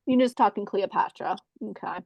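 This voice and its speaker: A woman's voice: mid-range voice, brisk, gravelly, a little mellow, breathy edge, dry recording, poor audio. A woman co-hosting a comedy podcast, chatting playfully and reading out trip details. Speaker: podcast co-host. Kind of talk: casual comedic chat.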